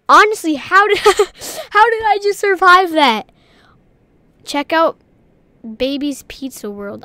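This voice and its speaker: A young woman commentating a horror game as she plays, excitable and easily scared, shrieking at frights and dropping to whispers. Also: very high-pitched, no echo. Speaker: gaming video creator. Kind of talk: let's play commentary.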